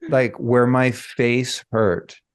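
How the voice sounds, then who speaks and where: A man hosting a podcast, telling a personal story in a casual, reflective way with drawn-out phrases. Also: mid-range voice, fairly even intonation, clear, resonant tone. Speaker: podcast host.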